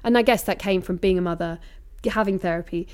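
A woman in her thirties, a comedian being interviewed, talking candidly and reflectively, often lively and laughing. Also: fairly low pitch, fast talker, clean tone.

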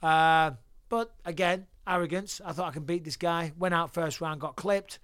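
Swearing man, high-ish voice. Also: normal speed, clean tone, dry recording, studio quality. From England. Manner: profane, lively anecdotal storyteller. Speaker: podcast guest. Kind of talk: casual storytelling interview.

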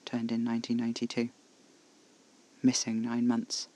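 A man's voice: medium pitch, monotone, moderate pace, mellow, close to an everyday voice. A man voicing a brooding, fiercely protective male vampire in an audio horror story, with clipped, intense speech. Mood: flat.

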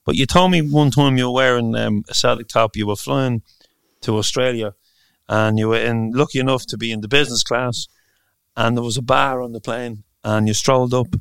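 A man's voice: mid-range voice, fairly even intonation, moderate pace, gravelly, fairly bright tone, smooth, no room sound. A man interviewing a friend, thanking him and prompting him for stories. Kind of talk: casual interview.

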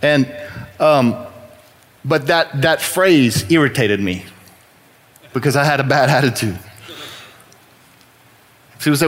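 A man's voice: mid-range voice, slow, long pauses, a bit bright. A man from Texas giving a sermon-style personal testimony in church, talking in a conversational, wry and self-deprecating way.

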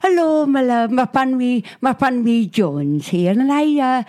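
A woman's voice: on the high side, animated, unhurried, a little mellow, pitched above the performer's own voice. Woman doing a sweet old Welsh lady. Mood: sweet fretful. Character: old Welsh woman who lost her teeth.

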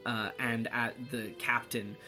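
A male game master narrates a fantasy tabletop session at a middling pitch. He describes the scene in a lively, chatty way, with faint music playing behind him. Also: measured pace. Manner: lively, descriptive, laughs often.

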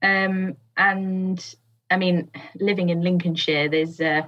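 A woman's voice: on the low side, steady tone, takes it slowly, fairly bright tone, lo-fi sound. A woman guest on a podcast, chatting casually with lots of fillers and frequent laughs. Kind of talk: casual chat.

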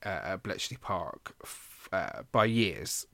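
A man with a fairly low voice talks through history in a relaxed, chatty way, full of fillers and small restarts. The recording is dry and close, with no room sound. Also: slow, creaky, dry recording. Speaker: podcast co-host. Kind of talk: casual explanatory chat.

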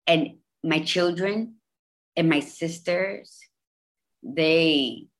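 Low-voiced woman telling her story emphatically. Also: drawn-out words. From Bridgeport, Connecticut, US. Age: 50s. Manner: emphatic, repetitive, animated storytelling. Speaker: guest. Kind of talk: candid personal interview.

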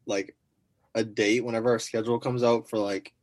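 A man's voice: mid-range voice, little pitch movement, moderate pace, no echo. A young man chiming in among friends with short remarks in casual chat.

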